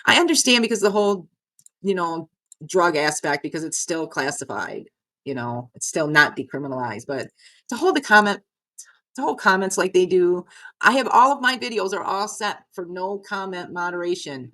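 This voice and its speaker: Middle-aged woman, low voice, exasperated vlog rant, curses and repeats, a bit choked up. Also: animated, normal speed, fairly bright tone. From Nevada. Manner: exasperated, swearing, repeating herself. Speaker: vlogger. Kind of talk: frustrated rant to camera.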